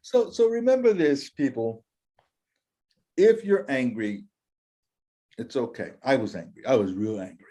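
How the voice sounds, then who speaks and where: A man telling his story in an interview, talking in an animated motivational way and acting out the voices of people he quotes. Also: medium pitch, unhurried, pauses often. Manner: acts out quoted voices, lively and emphatic. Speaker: interview guest, empowerment coach.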